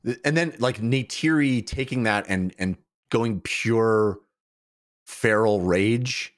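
A middle-aged man co-hosting a film podcast, talking in an animated, gushing way and trailing off mid-sentence. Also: on the low side, slow pace. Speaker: podcast co-host. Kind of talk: casual film review chat.

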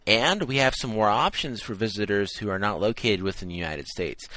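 A man's voice: lowish voice, a little fast, pushed and bright, dry recording, rough recording. A young man hosting a podcast who reads out announcements in an upbeat, casual way. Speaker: podcast host.

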